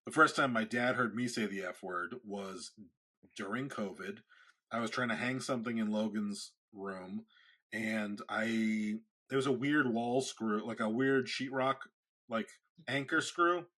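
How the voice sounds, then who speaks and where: Husky bright-voiced man telling a story. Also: lowish voice, unhurried. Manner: animated storyteller, acts out quotes. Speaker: podcast host. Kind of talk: casual storytelling chat.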